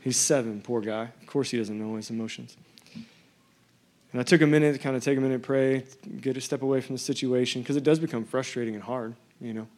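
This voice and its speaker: Earnest pastor in his thirties, flat delivery. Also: medium pitch. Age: 30s. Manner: earnest, conversational preaching with emphatic scripture reading. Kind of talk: sermon.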